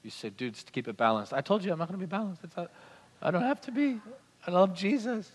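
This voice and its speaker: High bright-voiced guy preaching, loud then hushed, big echoey hall. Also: animated, fast talker. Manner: swings from loud declaring to soft intimate murmuring. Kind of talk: sermon. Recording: hall reverb.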